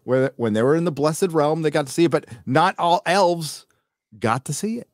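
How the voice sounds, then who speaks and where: A man's voice: fairly high pitch, normal speed, no room sound, clean studio sound. A man hosting a live show review in casual chat, mocking and mimicking characters. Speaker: host.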